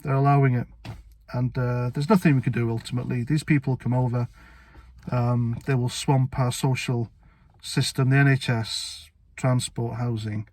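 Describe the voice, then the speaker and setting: A man's voice: mid-range voice, steady tone, moderate pace, darkish tone. A British man giving a blunt, indignant political rant to camera as a vlogger, with sarcastic asides. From Britain.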